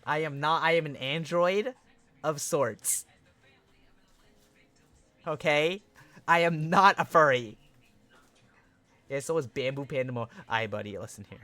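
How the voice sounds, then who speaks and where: A young male streamer chatting live with his viewers, excitable and quick to swear and laugh at the chat. His voice sits a little high and sounds bright and sharp. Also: no echo. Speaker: livestream host. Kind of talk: casual livestream chat with viewers.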